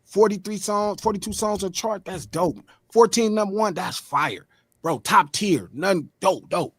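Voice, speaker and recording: A man's voice: sits high, moderate pace, slightly rough, dry recording, clean studio sound. A man on a podcast panel, arguing in a casual, emphatic, exasperated way.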